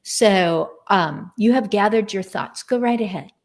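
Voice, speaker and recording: A woman's voice: medium pitch, unhurried. Chatty woman hosting a video chat. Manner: chatty, retells stories by voicing what others said. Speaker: host. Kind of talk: casual chat on a live video stream. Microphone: video call.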